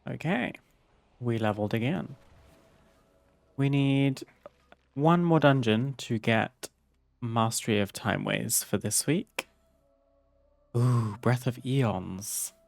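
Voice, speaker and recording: A man's voice: medium pitch, slow pace, vocal fry, long pauses, no room sound. A man streaming a video game, chatting casually with viewers, laughing often and reading game text aloud. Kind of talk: casual gameplay commentary.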